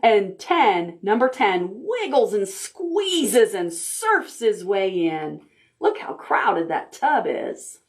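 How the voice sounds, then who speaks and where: A woman librarian reading a picture book aloud to preschoolers, pointing out the pictures as she goes. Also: mid-range voice. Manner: slow, animated, pointing out pictures to children. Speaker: children's librarian.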